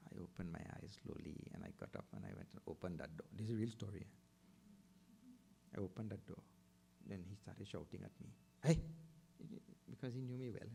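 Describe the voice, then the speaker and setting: A man's voice: lively intonation, normal speed, gravelly, long pauses, warm tone, a little hiss or hum. Indian-accented man, spiritual teacher, middle-aged, storytelling sermon, mimics voices. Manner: storytelling, acts out other people's voices with big pitch jumps. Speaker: swami giving a spiritual discourse.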